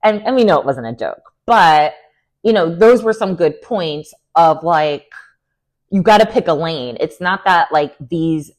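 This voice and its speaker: A young woman with a sassy, animated manner, giving an opinionated recap of a reality TV show. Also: deep voice, a little slow. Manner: animated, sassy, lots of "like" and "girl". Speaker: recap vlogger.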